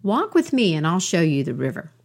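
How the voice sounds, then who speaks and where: A woman voicing a friendly, knowing male raccoon in a storybook tale, calm and kindly. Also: lowish voice, brisk.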